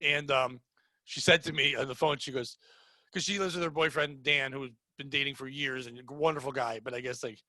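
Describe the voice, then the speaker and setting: A man's voice: medium pitch, fairly quick, dry recording. A young adult man in casual podcast chat, rambling and swearing as he tells stories. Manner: swearing, rambling, animated storytelling.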